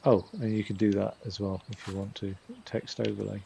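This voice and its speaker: Gravelly, mellow man streaming. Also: on the low side, little pitch movement, brisk, a little hiss or hum. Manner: rambling, self-interrupting chatter. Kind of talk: casual gameplay commentary.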